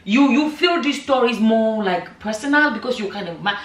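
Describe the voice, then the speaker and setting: A woman's voice: a little high, expressive, moderate pace. A middle-aged woman giving casual vlog commentary, emphatic and full of rhetorical questions and "you know" asides. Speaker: vlogger. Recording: echoey room, voice a bit far from the mic.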